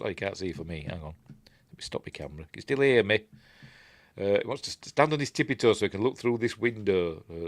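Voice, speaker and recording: A man's voice: low voice, no echo. A man with a Yorkshire accent hosting a casual film review at home, rambling chattily with tag questions and asides. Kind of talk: casual film commentary over the movie.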